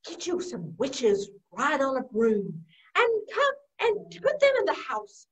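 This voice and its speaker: A woman voicing a calm, thoughtful wise old owl in a low, hushed, drawn-out voice for a children's storytime. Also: full character voice. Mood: pondering. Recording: distant, dull lo-fi sound.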